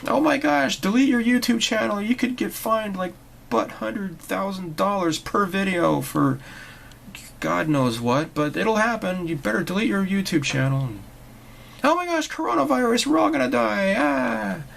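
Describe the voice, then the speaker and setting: A man's voice: sits high, moderate pace, vocal fry, a bit bright, slight background noise, pitched above the performer's own voice, exaggerated voice. A man mocking a hysterical, panicking person who shrieks about doom in a frantic, exaggerated way.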